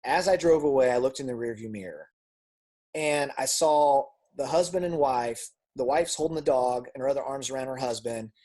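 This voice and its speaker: A man giving a personal testimony as a guest speaker, telling a story with lively acted-out dialogue and frequent repeated words. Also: mid-range voice, moderate pace. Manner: animated storytelling, acts out dialogue; repeats words when restarting.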